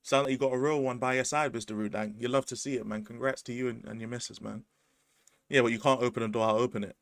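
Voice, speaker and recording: A man's voice: medium pitch, steady tone, quick pace, creaky, a bit bright, no echo, clean studio sound. A man with a London accent hosting a casual livestream chat, laid-back and slangy, swearing often. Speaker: streamer host.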